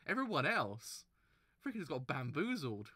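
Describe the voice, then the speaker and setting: Male reaction host, reads manga aloud and exclaims, with a bright, lively delivery. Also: on the high side, moderate pace, husky, dry recording. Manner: excitable, exclaims loudly, stumbles while reading.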